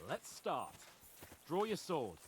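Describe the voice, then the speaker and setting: A man's voice: a little high, wildly swooping pitch, takes it slowly, slight background noise, exaggerated voice. An actor playing a cocky young nobleman in a video game, teasing and commanding his sparring partner. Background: game music.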